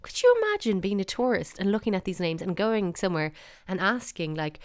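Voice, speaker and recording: An Irish woman hosting a podcast, talking casually in a playful, animated, mock-baffled way. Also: lowish voice, brisk, dry recording, studio quality. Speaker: podcast host. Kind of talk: casual solo podcast talk.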